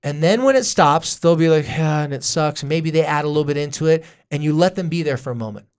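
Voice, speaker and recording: A man co-hosting a parenting podcast in casual chat, talking in a lively way and acting out what parents and kids say, with jokey asides. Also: fairly high pitch, quick pace, clear, resonant tone. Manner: animated, acts out parents and kids in quoted voices. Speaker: podcast co-host, parenting therapist.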